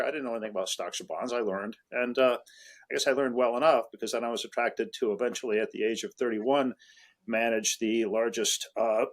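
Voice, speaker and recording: A man's voice: on the low side, low-quality recording. A man in his seventies from Rhode Island, a guest answering interview questions in a rambling, hesitant way with many fillers and restarts. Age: 70s. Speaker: guest, investment adviser.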